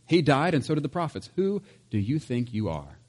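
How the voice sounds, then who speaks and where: A man's voice: medium pitch, big pitch swings, normal speed, darkish tone. Guy giving a laid-back sermon, chatty, laughs as he goes, mid voice. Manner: conversational and chatty, with laughs and asides. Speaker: pastor. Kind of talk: casual sermon.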